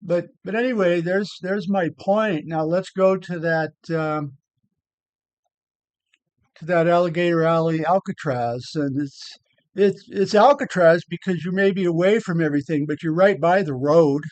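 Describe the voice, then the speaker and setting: A man's voice: a little high, unhurried, darkish tone, no echo. Rambling older man, dry and close. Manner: rambling, repeats words, blunt. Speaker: vlogger. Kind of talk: casual commentary over photos.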